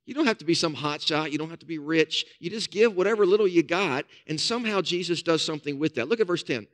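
A man, a pastor, preaching a sermon with folksy storytelling and casual asides. He drops to soft, low emphasis on key points. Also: animated, fast talker.

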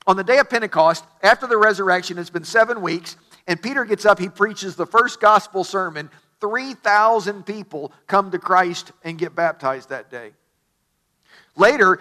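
Bright-voiced, enthusiastic middle-aged male pastor. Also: sits high. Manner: enthusiastic storytelling with stammered restarts. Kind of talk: sermon.

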